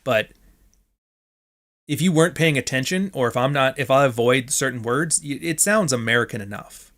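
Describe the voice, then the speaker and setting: A Canadian man riffs casually as a stream host. He rambles from point to point, blunt and loose-tongued, and swears freely. His voice sits at an ordinary middle pitch. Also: moderate pace, a bit bright. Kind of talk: casual livestream commentary.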